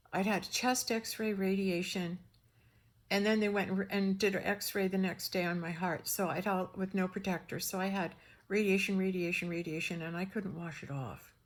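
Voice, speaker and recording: An older woman telling a personal story in a rambling, animated way, acting out the dialogue. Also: medium pitch, moderate pace. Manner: rambling, animated, acts out dialogue in shifting voices.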